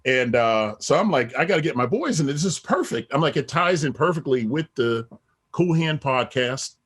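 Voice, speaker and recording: Man, middle-aged, podcast guest, casual rambling talk, medium pitch. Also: lively intonation, normal speed, a bit bright. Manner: rambling, full of "you know what I mean".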